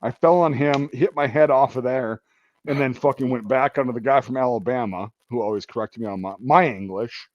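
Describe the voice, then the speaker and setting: A man talks in a loose, profane, rambling way as he hosts a casual chat. His voice sits in an ordinary middle pitch. The sound is dry and a little dull. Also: a little fast, no room sound. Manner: profane, rambling, laughs while telling stories. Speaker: podcast host.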